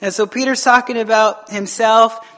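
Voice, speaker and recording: Guy pastor preaching super casual, animated, lots of restarts and little laughs. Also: sits high, moderate pace. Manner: animated, acting out quoted voices. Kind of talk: conversational sermon. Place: church sanctuary, also streamed online.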